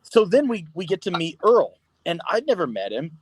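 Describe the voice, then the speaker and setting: Animated man telling a story with a raised voice. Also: sits high, moderate pace, noisy background. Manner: animated, laughing, swearing freely. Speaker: podcast guest, pro wrestler. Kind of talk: casual storytelling. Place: podcast studio.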